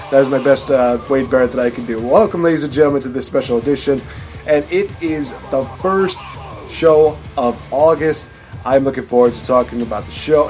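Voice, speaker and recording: A man hosting a podcast with big, announcer-style flourishes, hyping up his co-host and himself. His voice sits at an ordinary middle pitch, and a faint bed of music plays under him. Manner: hype announcer flourishes, energetic. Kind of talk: casual wrestling podcast chat.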